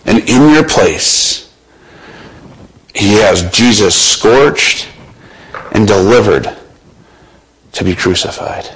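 A man preaching a sermon, slowly and dramatically retelling a scripture scene and putting the listener in it. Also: lowish voice, lively intonation, a bit bright, a little hiss or hum, rough recording.

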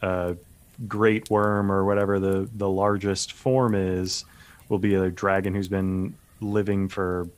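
A man's voice: deep voice, level tone, takes it slowly. A man co-hosting a podcast, chatting casually and easily with some nerdy enthusiasm. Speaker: podcast co-host. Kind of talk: casual chat.

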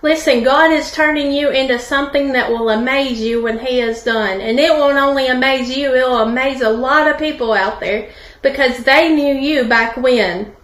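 A woman's voice: sits high, moderate pace, fairly bright tone, echoey room. A woman guest speaker telling a sermon story, with preaching asides that call out to listeners. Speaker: guest speaker, pastor's wife. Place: studio.

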